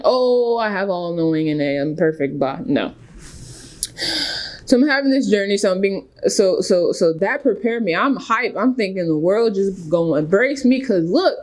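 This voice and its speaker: A woman talks casually to camera about her own life. Her delivery is animated, leaping up in pitch for emphasis. She keeps checking in with her listeners as she goes. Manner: animated, with sudden pitch jumps and frequent "right?" and "okay?". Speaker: spiritual vlogger. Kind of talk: casual personal storytelling.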